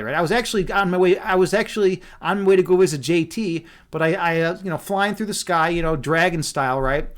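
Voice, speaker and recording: High-voiced playful male stream host. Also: fast talker, hardly any pauses. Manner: playful, loose, many fillers and restarts. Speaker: livestream host reading chat. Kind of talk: casual rambling chat.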